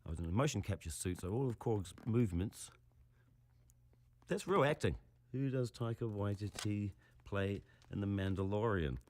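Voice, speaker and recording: A man with a New Zealand accent, joking about himself in a deadpan, self-mocking way. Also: lowish voice, normal speed. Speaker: actor in a comic clip. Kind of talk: comic self-mocking monologue.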